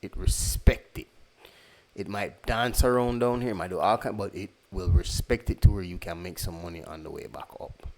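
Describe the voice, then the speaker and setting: In a relaxed screen-share lesson, a man explains trading in a low-pitched, darkish voice at a moderate pace. He chats through the material, circles back to key phrases, and fixes his own slips along the way.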